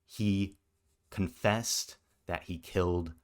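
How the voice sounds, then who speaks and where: Deep-voiced guy doing commentary, fired up and indignant, keeps repeating himself. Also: fairly even intonation, slow pace. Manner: indignant, emphatic, swears, repeats points. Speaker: commentary channel host. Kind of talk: reaction commentary.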